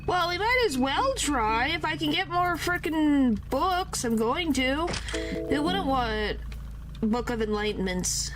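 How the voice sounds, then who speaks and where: A woman's voice: sits high, lively intonation, slow pace, fairly bright tone, faint music behind. A woman streaming a horror game, talking casually and reacting with exasperated disbelief. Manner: exasperated, incredulous, says "frickin'" a lot. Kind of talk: casual gameplay commentary.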